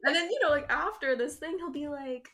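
A woman's voice: high voice, brisk, slight background noise. A young woman in her twenties hosting the interview, listening with frequent affirmations and talking casually with many fillers. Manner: warm listener, frequent "mm-hmm", laughs along, many fillers. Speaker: podcast host, interviewer. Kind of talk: casual conversation.

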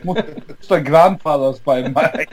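A man's voice: on the high side, normal speed. Dry man in his thirties, raised voice. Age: 30s. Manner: dry, brief replies. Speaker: podcast guest. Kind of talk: casual chat.

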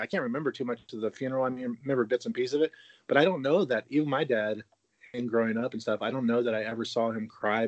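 A man's voice: mid-range voice, no echo, highs cut off. Chatty man with a dry, close sound. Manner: chatty, laughs easily, many restarts. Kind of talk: casual chat.

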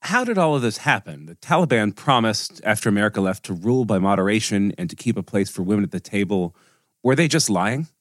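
Man, low voice, quick, direct interviewer, dry studio sound. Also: big pitch swings, no room sound. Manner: brisk, direct questioning. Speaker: podcast host. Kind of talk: news interview questions.

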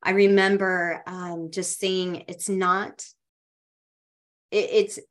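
A woman podcast co-host telling a personal story in a heartfelt, halting way, with frequent restarts. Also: mid-range voice, flat delivery.

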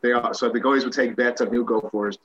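A man's voice: mid-range voice, fairly even intonation, fairly quick, fairly bright tone, muffled recording, slight background noise. An Irish man, a guest actor, telling rambling, self-mocking anecdotes with many restarts in a casual interview.

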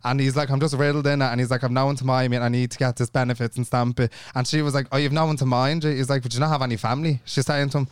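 A man's voice: mid-range voice, rapid-fire, hardly any pauses, clean tone, dry recording, clean studio sound. A young Irish man co-hosting a podcast, telling a long story in casual chat, acting out the people in it and swearing freely. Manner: animated, acts out every voice in his story, swears freely. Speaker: podcast co-host.

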